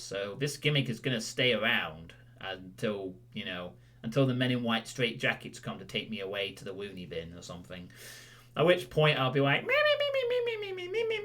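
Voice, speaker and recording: A man talks to his stream audience in a loose, rambling way, correcting himself and tossing in jokes. His pitch swings freely from phrase to phrase. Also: fairly bright tone. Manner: rambling, self-correcting, jokey. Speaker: streamer host. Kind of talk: casual recap talk to viewers.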